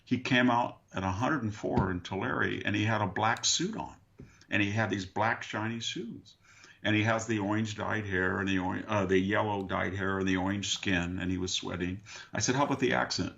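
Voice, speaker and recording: A man's voice: lowish voice, moderate pace, vocal fry, fairly bright tone. An older man, a guest on a talk show, telling long dry anecdotes in conversation and slipping into other people's voices to quote them. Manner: dry, anecdotal, mimics others mid-story. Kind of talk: conversational storytelling. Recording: dull lo-fi remote audio.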